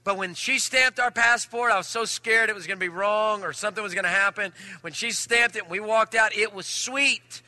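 A man preaching a sermon, telling a personal story in an animated way that swings from loud to hushed. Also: high voice, brisk, few pauses, no room sound. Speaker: pastor.

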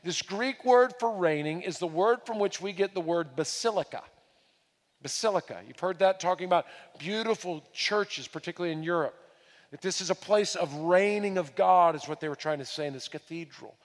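A man preaching a sermon with emphasis, repeating key phrases and swinging between hushed and loud delivery. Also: high voice, fairly quick, long reverb tail. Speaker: pastor.

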